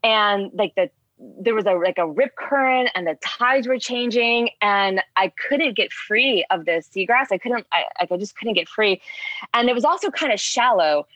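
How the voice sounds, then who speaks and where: A woman's voice: medium pitch, moderate pace, no room sound. A woman casually telling a diving story, rambling with lots of "like" fillers and acting out what was said. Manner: rambling with many "like" fillers, animated retelling. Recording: dull dry lo-fi sound.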